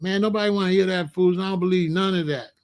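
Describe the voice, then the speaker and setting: A man in his sixties with a rather high voice talks straight into his stream. He is blunt and emphatic, and he often says the same line twice or three times to drive it home. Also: fairly even intonation, quick pace, darkish tone. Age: 60s. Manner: blunt, emphatic, repeats himself. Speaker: host. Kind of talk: casual livestream talk answering chat.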